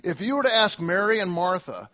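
A man preaching a sermon to a church congregation, emphatic, with long spoken lists and big swings between loud and soft. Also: sits high, big pitch swings, fairly quick. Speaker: pastor.

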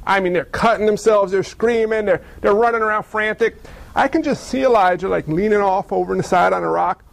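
A male pastor with a notably high, gravelly voice delivers a lively, fairly quick sermon, telling the story with humor and slipping into mocking character voices. The recording is dry and close with no echo.

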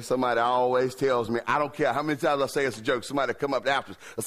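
A man's voice: mid-range voice, fairly even intonation, racing, a bit bright. A man, a revival preacher telling a joke story in a folksy, joking way. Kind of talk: humorous sermon storytelling.

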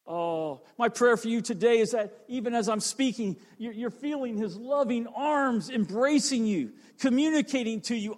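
Preacher, middle-aged man, high voice, fervent storyteller, big reverberant hall. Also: expressive, normal speed, hardly any pauses. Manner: fervent, storytelling, repeats phrases for emphasis. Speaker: fire chief and chaplain preaching. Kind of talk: sermon. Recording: long reverb of a large hall.

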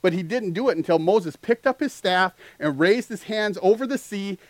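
A man preaching a sermon as pastor, earnest and building to loud animated peaks. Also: sits high, moderate pace, no room sound, rough recording.

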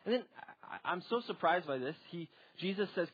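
A man's voice: high voice, expressive, fairly quick, hardly any pauses, husky. A young man giving a casual Bible teaching, talking conversationally with plenty of fillers. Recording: dull lo-fi recording.

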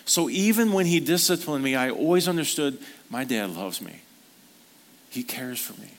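A male pastor delivering a sermon in a church service at a medium, everyday pitch. He talks in an earnest, conversational way, weaving personal stories into his preaching. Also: animated, normal speed.

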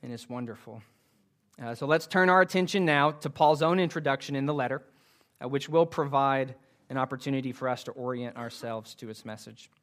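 A man's voice: mid-range voice, a little fast, fairly bright tone. A man preaching a sermon to his congregation, earnest and careful, with frequent fillers. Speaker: pastor.

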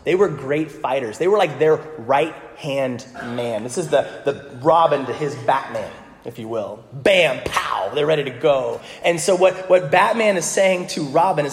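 A man's voice: a little high, lively intonation, measured pace, hardly any pauses. A male pastor preaching a sermon in a casual, joking way, with playful voiced asides. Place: church sanctuary. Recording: echoey hall with long reverb.

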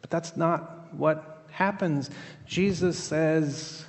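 A man's voice: on the high side, measured pace. Earnest preacher man in a hall. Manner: earnest, conversational, repeats words while thinking. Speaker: pastor. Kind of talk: sermon.

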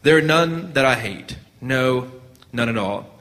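A man's voice: mid-range voice, expressive, measured pace, fairly bright tone. A man voicing a weary, nervous farm wife who answers hesitantly and defensively.

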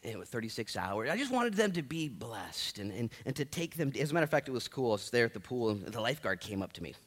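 A man's voice: medium pitch, big pitch swings, quick pace. A man in his thirties preaching a sermon as pastor, joking and self-deprecating, with many restarts.

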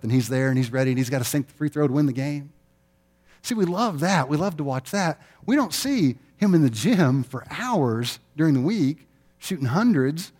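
A middle-aged man preaching a sermon, telling stories in an animated way and acting out the quotes with laughter. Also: fairly high pitch. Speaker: pastor.

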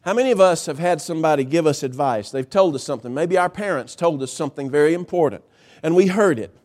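A male pastor preaching a sermon, emphatic, with dramatic pauses and swings in pitch. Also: darkish tone.

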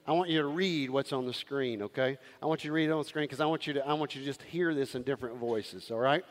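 A man preaching a sermon as pastor, calling out to the congregation and swinging from loud to hushed. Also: mid-range voice, fast talker, in a large hall.

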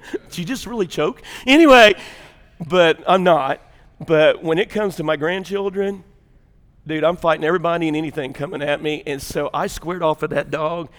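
An older man, preaching a sermon in a church with folksy storytelling, going from loud and animated to hushed and intense. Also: a little high, moderate pace, long reverb tail. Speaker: pastor.

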